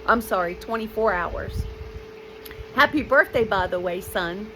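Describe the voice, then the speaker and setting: A woman in her fifties telling a personal story in a lively, blunt way, with emotional asides to the listener. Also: medium pitch, a little slow, a little hiss or hum, poor audio.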